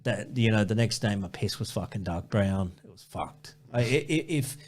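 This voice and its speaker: Man, slightly low voice, casual interview guest, rambling storyteller, swears a lot. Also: lively intonation, moderate pace, a little mellow. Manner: rambling, profane, many restarts. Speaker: ultrarunner guest.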